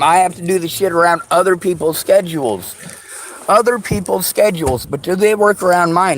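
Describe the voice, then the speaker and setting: High-voiced man ranting with bitter profanity. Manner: bitter, profane, accusing, often shouting. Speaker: vlogger. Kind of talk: angry personal rant to camera.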